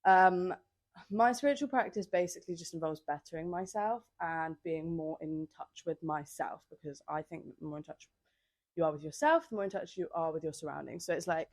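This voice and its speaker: A young woman talks through her solo podcast in a loose, rambling way, full of fillers and little sassy asides. Her voice sits a touch low for a woman. The sound is dry and close, with almost no room around it. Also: brisk, no room sound. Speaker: podcast host. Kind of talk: casual solo podcast chat. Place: outdoors on holiday by the sea. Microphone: handheld microphone.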